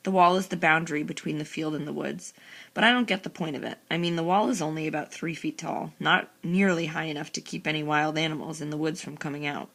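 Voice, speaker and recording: Female audiobook narrator, low and gravelly, sarcastic first-person read. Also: fast talker. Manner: sarcastic, expressive.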